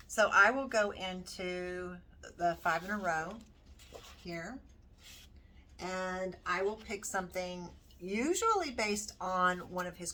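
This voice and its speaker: A woman with a slightly low voice walks through her homeschool curriculum at a slow, easy pace. She thinks aloud as she goes, filling pauses with ums and you-knows. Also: a bit bright. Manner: unhurried, thinking aloud with many fillers. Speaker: homeschooling parent. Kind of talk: casual curriculum walkthrough.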